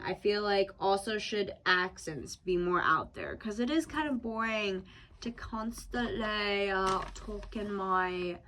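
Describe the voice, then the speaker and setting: Young woman vlogger, bright tone, unhurried profane rambling monologue. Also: medium pitch. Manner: loose and profane, with frequent laughs. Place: at home.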